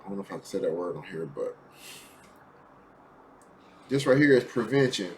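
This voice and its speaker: A man's voice: sits low, sing-song, moderate pace, a little mellow, a little hiss or hum. A man hosting a reaction video, talking casually and incredulously in colloquial speech.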